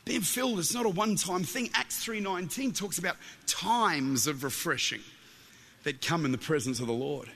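Speaking at normal speed in a gravelly voice that's on the high side, an Australian guest preacher gives a Pentecostal sermon in a big-sounding room. His storytelling is animated and joke-filled, with frequent stumbles and repeated words.

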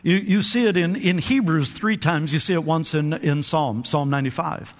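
A man's voice: fairly high pitch, normal speed. A male pastor preaching a sermon with lots of energy, calling on the congregation to answer back and often repeating his words as he restarts. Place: church sanctuary. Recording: long hall reverb.

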